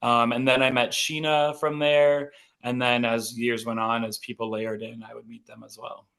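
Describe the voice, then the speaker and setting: A man's voice: medium pitch, level tone, moderate pace, vocal fry, fairly bright tone. Chatty man from North Dakota. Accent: light North Dakota. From North Dakota, USA. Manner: chatty, upbeat storyteller, frequent "like" and "um". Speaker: podcast guest. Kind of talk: casual interview chat.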